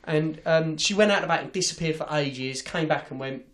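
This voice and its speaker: A man's voice: a little high, fairly quick, fairly bright tone. A man hosting a podcast, telling an office story in a sweary, ranting, casual way. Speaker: podcast host.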